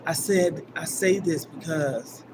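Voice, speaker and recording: An older woman hosting a live stream, telling a personal story in a rambling, emphatic way, from loud bursts down to near-whispers. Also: low voice, slow pace. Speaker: livestream host. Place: gym. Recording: livestream with clear background noise.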